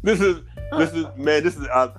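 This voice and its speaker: A man's voice: a little high, normal speed, faint music behind. Laughing man telling a story. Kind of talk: casual chat.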